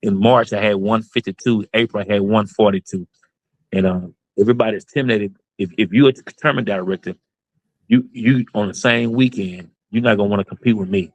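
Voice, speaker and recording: Guy, basketball coach, lowish voice, talks earnest and gets emotional, dry close mic. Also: fairly even intonation, fairly quick, no room sound, rough recording. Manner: earnest, emotional, repetitive emphatic storytelling. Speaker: AAU basketball club owner and coach. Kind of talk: candid interview storytelling.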